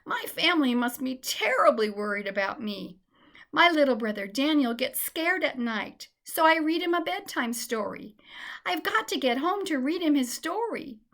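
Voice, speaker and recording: A woman's voice: high-pitched, very animated, normal speed, vocal fry, fairly bright tone, voice pushed up, full character voice. A woman voicing a sweet young female mouse who is homesick and often tearful, with pleading cries. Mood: distressed.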